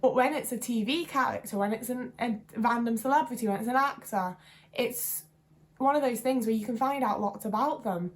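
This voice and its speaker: A woman's voice: on the high side, normal speed. A woman in her twenties talking to camera in a casual vlog, chatty and rambling with lots of fillers and self-deprecating asides. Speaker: vlogger.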